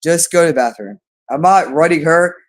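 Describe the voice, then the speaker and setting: A man's voice: on the high side, moderate pace. A man with a slightly raised voice who speaks off the cuff on a livestream. He swears constantly and loops the same words in long, insistent runs. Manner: repeats phrases over and over, heavy swearing. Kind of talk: unscripted livestream monologue.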